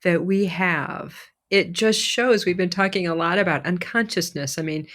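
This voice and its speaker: A woman's voice: lowish voice, normal speed. A woman co-hosting a podcast, responding thoughtfully in casual conversation, with the odd giggle. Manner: reflective, warm listener, occasional giggles. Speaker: podcast co-host.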